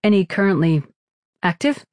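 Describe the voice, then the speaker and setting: A woman's voice: medium pitch, lively intonation, normal speed, darkish tone, no room sound, studio quality, pitched above the performer's own voice, close to an everyday voice. Narrator doing an eager young woman scientist.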